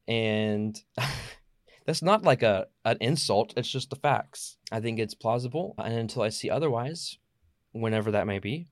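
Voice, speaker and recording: A man's voice: lowish voice, vocal fry, no room sound. Dry-sounding, questioning man co-host. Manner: questioning, playfully incredulous. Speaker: podcast co-host. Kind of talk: casual panel discussion.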